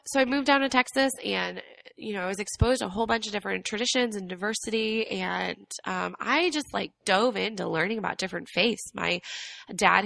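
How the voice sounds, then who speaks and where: A woman's voice: medium pitch, gravelly, a bit bright, dry recording. A young adult woman telling her story reflectively in a casual podcast chat, her voice cracking from allergies. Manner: reflective, earnest storytelling with many fillers. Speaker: guest. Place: Atlanta.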